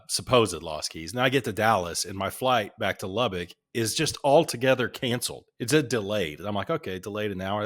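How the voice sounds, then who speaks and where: A man's voice: fairly low pitch, fairly bright tone. A man co-hosting a podcast, grumbling through a travel story in casual chat. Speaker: podcast co-host.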